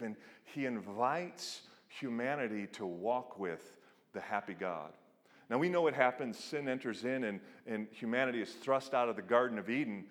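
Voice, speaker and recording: A middle-aged man preaching a sermon as a pastor, telling stories with lively, playful quoted voices. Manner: animated storytelling, acts out quotes with big pitch jumps. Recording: long hall reverb.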